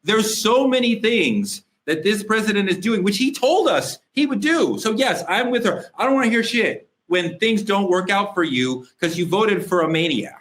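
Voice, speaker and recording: A man hosts a political talk show, speaking bluntly and emphatically with plenty of profanity. His voice sits high for a man. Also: lively intonation, moderate pace, few pauses, fairly bright tone. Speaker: host.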